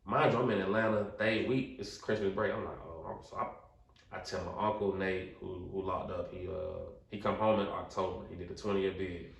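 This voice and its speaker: A man's voice: sits low, fairly even intonation, normal speed, gravelly. A young man, a podcast guest, tells his life story in casual, loose, slang-heavy talk, leaning on "you know what I'm saying.". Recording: roomy, distant-mic podcast recording.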